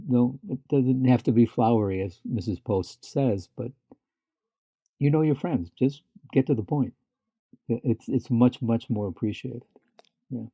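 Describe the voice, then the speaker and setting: A man's voice: mid-range voice, a little slow, slightly rough, dry recording, dull audio. A man co-hosting a podcast, telling stories in casual chat with many restarts and fillers, laughing now and then. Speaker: podcast co-host.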